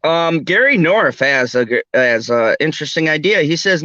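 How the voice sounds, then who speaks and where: A man's voice: a little high, lively intonation, normal speed, pushed and bright, no room sound, dull audio. A man hosting a casual late-night chat, rambling and laughing often. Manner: laughs often, rambling, does a mock Australian accent. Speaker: podcast host.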